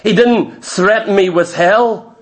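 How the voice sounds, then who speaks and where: A man's voice: sits high, slow pace. A man preaching a fervent, confessional testimony in a sermon, repeating key phrases for emphasis.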